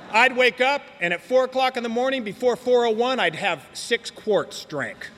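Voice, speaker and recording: High, bright-voiced older man in a hall. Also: normal speed, few pauses, slight background noise. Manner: blunt, emphatic, repeats words for effect. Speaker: speaker at a recovery meeting. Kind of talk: personal testimony talk. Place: meeting hall. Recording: long reverb of a meeting hall.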